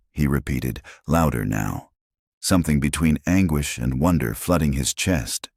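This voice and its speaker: A man narrating a scripted drama story with a measured, dramatic delivery into a close mic. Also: very deep voice, darkish tone, no echo.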